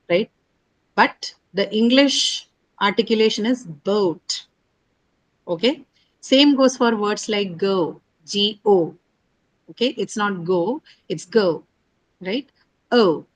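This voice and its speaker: In an online phonetics lesson, a woman with a mid-range, animated voice teaches English pronunciation at a normal pace, spelling words letter by letter. She explains patiently and adds "right?" after most points. The recording is rough.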